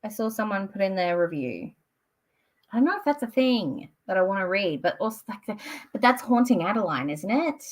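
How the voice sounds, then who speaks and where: With a medium-pitched, sing-song voice, this woman talks briskly during a live stream. She's a book streamer from Australia, in her late 20s, and she rambles in a relaxed way, peppering everything with "um" and "like."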